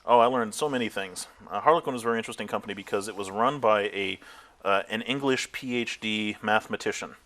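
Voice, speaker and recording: A middle-aged man with a fairly low voice answers interview questions. He tells his stories with animation, breaking into laughter and acting out the voices of people he quotes. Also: fast talker. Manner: animated storyteller, acts out quotes, laughs often. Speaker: interviewee, tech founder. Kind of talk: oral history interview.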